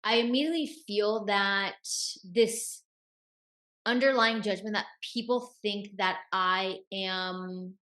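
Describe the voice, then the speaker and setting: A woman's voice: medium pitch, steady tone, slow pace, a bit bright. A young woman hosting a self-help video, giving casual motivational advice and repeating key phrases for emphasis.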